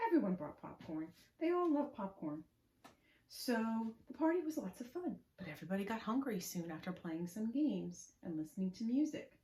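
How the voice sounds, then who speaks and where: A woman reading a picture story aloud to preschoolers at a library, in a sing-song, animated way that invites the children to join in. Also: mid-range voice, echoey room, a little hiss or hum. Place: library room.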